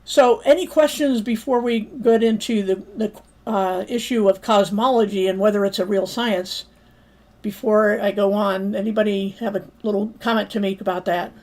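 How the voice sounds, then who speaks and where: A woman teaching a livestreamed Bible study in an argumentative lecturing manner, pausing to ask viewers for comments. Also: mid-range voice, fairly even intonation, a little mellow.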